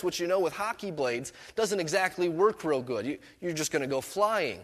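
A man's voice: fairly high pitch, expressive, normal speed, few pauses. A middle-aged man preaching a sermon as pastor, mixing scripture with personal stories in a conversational way. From Canada.

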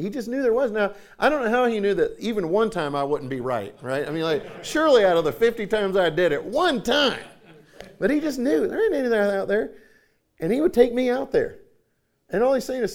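Forties male preacher, folksy storyteller, a little higher-pitched than most men. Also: a little fast. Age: 40s. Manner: folksy, animated storytelling with repetitions. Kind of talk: sermon.

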